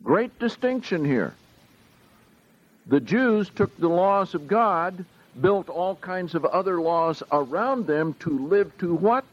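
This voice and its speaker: Here a man with a high, lively voice teaches scripture verse by verse, moving slowly and frequently asking the group questions. It's captured on a dull, low-fidelity recording.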